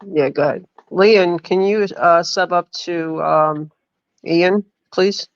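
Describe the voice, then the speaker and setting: Woman streamer, chatty rambling storyteller, gravelly voice, close and dry on a lo-fi stream mic. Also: lowish voice, takes it slowly, no echo. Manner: rambling, full of fillers, reads chat aloud. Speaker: livestream host. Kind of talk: casual storytelling on a livestream. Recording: dull lo-fi stream audio.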